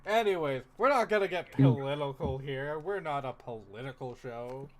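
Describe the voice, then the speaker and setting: A man's voice: medium pitch, normal speed. A man running a tabletop game as game master, joking and laughing between narration.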